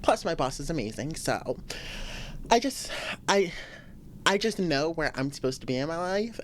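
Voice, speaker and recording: Low-voiced woman venting on a podcast. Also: a little hiss or hum. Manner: animated, venting, laughs often, swings to high exclamations. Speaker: podcast host. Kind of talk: casual solo podcast rant.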